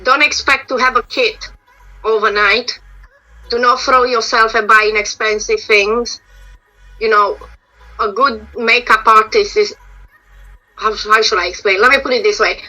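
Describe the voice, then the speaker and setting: A woman's voice: fairly high pitch, steady tone, unhurried, long pauses, sharp tone, soft background music, low-quality recording. A middle-aged woman, a makeup and prosthetic artist, giving frank, explanatory advice in an interview over a video call, her voice a bit strained as she is losing it. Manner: explanatory, frank, restarts phrases. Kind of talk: casual interview answers.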